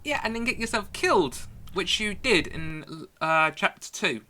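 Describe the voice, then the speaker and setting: A woman's voice: medium pitch, expressive, unhurried, background noise. A woman streaming a horror game, chatty and sarcastic in casual commentary. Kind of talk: casual let's-play commentary. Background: game music.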